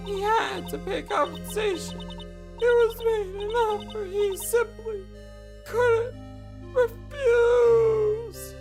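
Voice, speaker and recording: A woman voicing a tearful, frail young woman in a video game, speaking high and quavering over game music. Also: fairly even intonation, slow, exaggerated voice.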